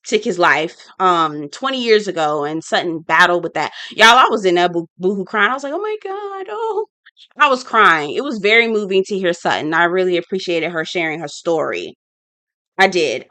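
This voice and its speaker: A woman's voice: on the low side, bright, forceful tone, dry recording. A woman giving casual, sassy commentary as a reality TV review vlogger, blunt and swearing freely.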